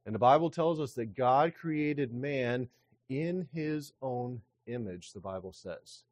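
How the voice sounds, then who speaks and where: A man pastor delivering a sermon, reading scripture slowly and preaching with emphasis. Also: mid-range voice, lively intonation, a little mellow, no echo.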